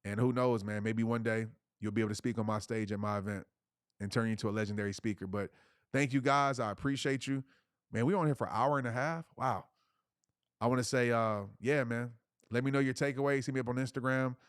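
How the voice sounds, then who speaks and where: A man's voice: mid-range voice, fairly even intonation, a little fast, smooth, no echo, studio quality. A middle-aged man giving a live webinar as a motivational speaker, preaching with punchy repetition and slangy, casual phrasing.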